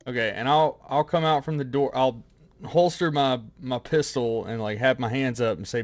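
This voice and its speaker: Calm, deliberate male streamer. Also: medium pitch. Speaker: streamer and player. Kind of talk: casual chat and in-character play.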